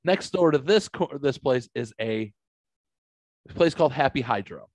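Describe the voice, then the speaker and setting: A man's voice: mid-range voice, expressive, measured pace, no echo. A middle-aged man from the St. Louis area, hosting a podcast and telling a story in casual, profanity-filled chat. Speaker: podcast host.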